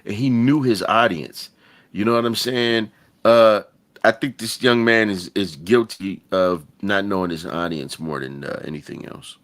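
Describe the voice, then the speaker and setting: A man co-hosting a podcast in casual chat, telling stories in a profane, animated way with many asides. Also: lowish voice, unhurried. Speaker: podcast co-host.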